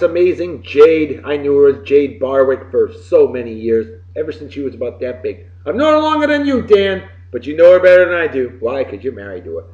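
A man from Massachusetts, hosting a show and giving folksy, boisterous birthday shout-outs. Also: fairly high pitch. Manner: boisterous and folksy, swinging loud and soft. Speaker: podcast host. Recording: roomy, slightly dull lo-fi recording.

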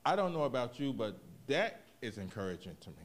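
A man preaching a sermon, moving from hushed reflection to loud, animated emphasis, with casual asides to the congregation. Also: medium pitch, a little fast. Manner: expressive preaching, swings from quiet to loud, vernacular asides. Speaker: pastor.

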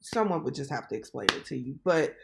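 A woman's voice: extremely low pitch, animated, fast talker, vocal fry, background noise. A woman hosting a reaction video, chatty and exclaiming as she comments.

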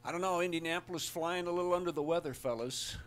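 A man appearing as a guest on a sports radio show, quick and animated. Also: on the high side, soft background music. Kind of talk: casual radio sports chat.

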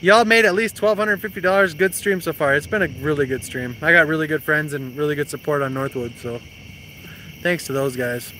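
A young man hosts a nighttime fishing live stream from an outdoor creek bank, teasing his partner and reading viewer comments aloud in casual chat. His voice is fairly high and sharp, a little fast, with slight background noise.

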